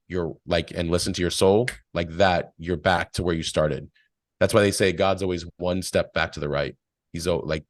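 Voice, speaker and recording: A man's voice: low-pitched, no room sound, clean studio sound. A man speaking as a podcast guest, giving earnest spiritual life advice in a rambling, storytelling way. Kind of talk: casual spiritual advice chat.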